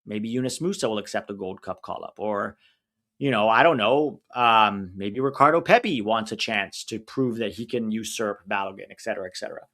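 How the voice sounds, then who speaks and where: A man's voice: on the low side, a little fast, a bit bright. A man hosting a live football watch-along stream, chatting casually, rattling off lists and laughing as he answers viewers.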